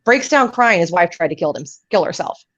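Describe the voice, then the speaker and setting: A woman's voice: on the low side, animated, fairly quick, fairly bright tone. A woman hosting a panel talk show, giving blunt, emphatic advice and telling stories. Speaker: host. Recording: dull lo-fi sound.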